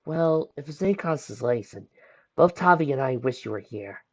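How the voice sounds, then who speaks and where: A man reading as a warm-hearted young woman checking in on her sick sister, friendly and reassuring, with a lively, rising and falling voice. The track is dull and lo-fi, like a home recording. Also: mid-range voice, moderate pace, natural voice. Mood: caring. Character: caring, upbeat young woman, foster sister. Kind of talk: fan fiction read aloud.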